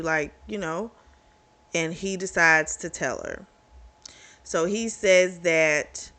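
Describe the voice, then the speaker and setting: A book reviewer talks through a romance novel's plot in a loose, chatty way. The voice sits at a middling pitch, neither high nor low. Quick reactions and laughs break into the retelling. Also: a bit bright. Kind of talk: casual book recap.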